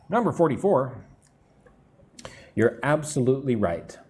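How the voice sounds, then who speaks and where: A man teaching a live English lesson, who explains words slowly and checks in with the class, with construction noise near his room. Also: medium pitch, sing-song, darkish tone. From lives in Vietnam.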